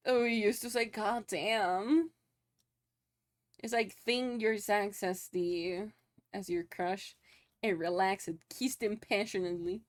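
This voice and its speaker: A woman's voice: mid-range voice, steady tone, slow pace. A young woman streaming live, chatting loosely with her viewers, laughing often and swearing casually.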